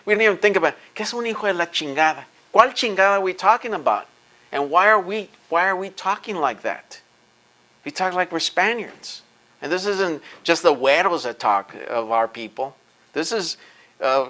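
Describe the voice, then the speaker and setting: A man's voice: a little high, sharp tone, low-quality recording. A man answering audience questions after a lecture, talking in an impassioned, emphatic way and repeating points for force. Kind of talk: impassioned Q&A talk. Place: lecture event.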